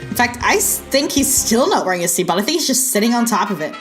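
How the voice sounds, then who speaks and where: Giggly woman with a lively, bouncy voice. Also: fairly high pitch, fast, over music, low-quality recording. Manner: giggly, sarcastic asides, frequent laughter. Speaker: reaction video host. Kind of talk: casual reaction commentary.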